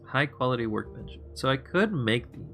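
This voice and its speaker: A man's voice: medium pitch, lively intonation, normal speed, pushed and bright, soft background music. A man streaming a game, chatting casually with his viewers, rambling and laughing as he plays.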